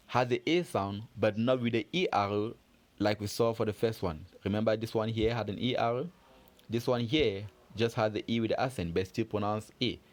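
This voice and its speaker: A man teaching a French pronunciation lesson, explaining step by step in a patient, methodical way and quizzing his learners as he goes. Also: fairly low pitch. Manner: patient, methodical, asks learners questions and answers them.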